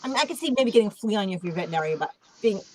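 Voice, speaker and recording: A woman hosting a livestream video call, chatting casually in an animated, teasing way. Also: medium pitch, racing, a little hiss or hum. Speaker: livestream host. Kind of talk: casual chat.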